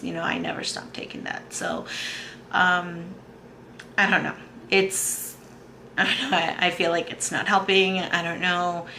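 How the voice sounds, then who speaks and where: A woman in her thirties talks to her camera in a video diary, emotional and close to tears. Her voice is low-pitched yet bright, with a gravelly edge, and she speaks slowly with many pauses. A faint background noise runs under the recording. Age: 30s. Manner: soft, halting, tearful-sounding talk with many pauses and fillers. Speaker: vlogger.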